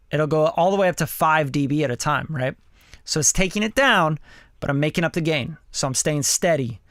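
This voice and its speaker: A man walks through his studio vocal setup in a loose, chatty way, with a smooth and resonant tone sitting a touch higher than most men's. His voice comes close and dry through a studio mic, with no room around it. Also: normal speed, a bit bright, no room sound. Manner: loose, conversational, repeats mic checks, occasional swearing. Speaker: studio engineer and host. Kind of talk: casual hands-on studio demo. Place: home recording studio. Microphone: studio vocal mic through preamp and compressor.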